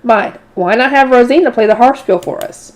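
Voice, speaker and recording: A woman voicing a curt, composed male high priest in a light novel read-aloud. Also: a little fast, close to an everyday voice.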